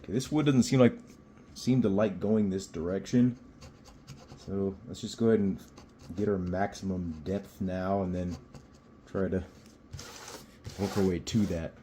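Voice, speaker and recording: A man building a guitar, talking casually to camera as he works and thinking aloud with pauses. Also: sits low, steady tone, warm tone, a little hiss or hum.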